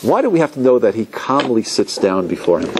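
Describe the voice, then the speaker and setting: A man with a lowish voice speaks fairly quickly against a noisy background. Teaching as a rabbi, he gives a Torah lecture in an animated way, acting out the voices, quotes and inner thoughts of the people in his examples.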